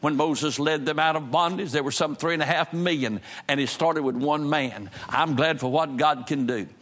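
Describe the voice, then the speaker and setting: A man preaching from the pulpit, opening with a prayer before moving into the sermon. His voice sits a little on the high side for a man. He reads scripture slowly and with earnest emphasis. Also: fairly bright tone. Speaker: pastor.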